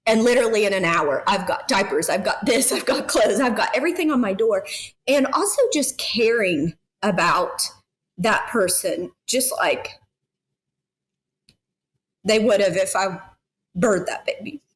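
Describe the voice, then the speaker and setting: A woman's voice: medium pitch, lively intonation, measured pace. A woman in her thirties talking as a foster parent guest in a heartfelt podcast conversation, earnest and emotional, with many fillers.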